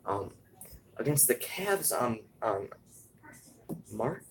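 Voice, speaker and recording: A man's voice: mid-range voice, big pitch swings, slight background noise, poor audio. Young male host, live draft commentary, mid-range voice, hesitant and rambling. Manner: halting, many fillers and restarts, yawning.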